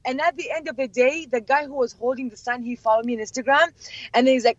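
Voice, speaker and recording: A young woman and interview guest whose first language is Chaldean, telling excited stories with many laughs and acted-out quotes. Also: high voice, fast talker, no echo. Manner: animated, laughs often, acts out quotes. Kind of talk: excited storytelling. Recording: dull lo-fi, dry.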